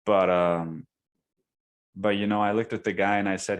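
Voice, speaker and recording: A young man with a deep voice hosts his podcast and tells a story. He talks casually, swears freely and tosses in "dude" every few lines. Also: little pitch movement, normal speed, long pauses, smooth. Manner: casual, profane, says "dude" a lot. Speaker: podcast host.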